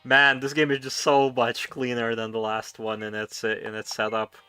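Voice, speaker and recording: A man casually commenting on a game he plays, with offhand jokes. His voice is of middle pitch. Game music plays clearly in the background. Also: monotone, moderate pace, sharp tone. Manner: jokey, offhand. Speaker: let's play host.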